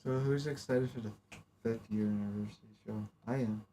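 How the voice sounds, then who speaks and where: A man's voice: fairly low pitch, fairly even intonation, fairly quick, warm tone. Man, co-host, casual chat, short joking replies, faint noise in the background. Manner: short reactions and jokes.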